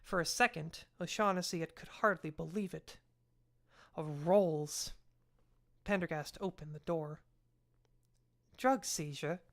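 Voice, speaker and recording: A woman reading a novel aloud in a steady, even storytelling voice. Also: sits low, unhurried. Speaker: audiobook reader.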